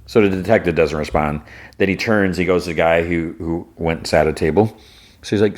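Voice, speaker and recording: A man's voice: low-pitched, fairly quick. A man hosting a podcast, casually recapping an episode and thinking aloud as he retells the scenes. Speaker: podcast host.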